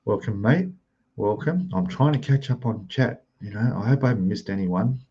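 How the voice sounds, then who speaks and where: A man's voice: lowish voice, expressive, normal speed, slightly rough, highs cut off. An Australian man hosting a live stream, greeting chat viewers one by one and keeping his voice down in a rented room. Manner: speaking softly, keeping voice down.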